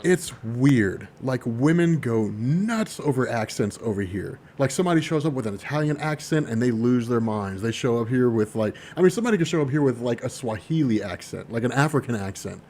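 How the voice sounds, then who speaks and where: An excitable man hosts a casual podcast chat. His voice swings widely in pitch, and he laughs a lot while leaning on "dude" and "like". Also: brisk, few pauses, a little hiss or hum. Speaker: podcast host.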